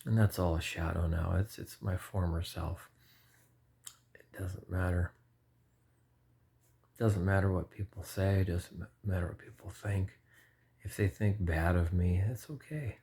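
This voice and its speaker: A man's voice: low-pitched, measured pace, creaky, long pauses, mellow, breathy edge. A man in his forties giving an informal, earnest personal testimony, rambling and often correcting himself mid-sentence. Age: 40s. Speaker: lay preacher.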